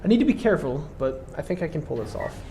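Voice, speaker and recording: A man's voice: on the high side, quick pace, faint music behind. Congested man talking through his match. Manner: explanatory, relaxed, with fillers. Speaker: player commentating his own match. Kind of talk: casual game commentary.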